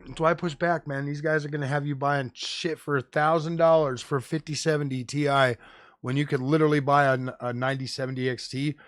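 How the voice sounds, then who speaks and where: Casual male tech streamer, fired-up slangy rant, fairly high voice, dry close sound. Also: brisk, dry recording. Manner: animated, profane, slangy with frequent "bro" and "dude".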